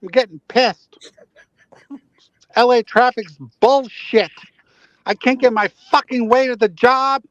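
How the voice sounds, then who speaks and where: A man's voice: very high voice, steady tone, takes it slowly, pauses often, dry recording, dull audio. A man doing a furious swearing traffic ranter. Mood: ranting. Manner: ranting, profane, repeats a name. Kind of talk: comic impression on a livestream panel.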